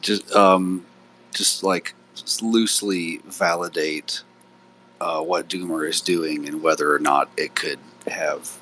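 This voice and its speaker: Very deep slow-talking man. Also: steady tone, pushed and bright, slight background noise, rough recording. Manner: slow, groping for words. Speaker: participant in an audio chat. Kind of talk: casual chat in an audio room.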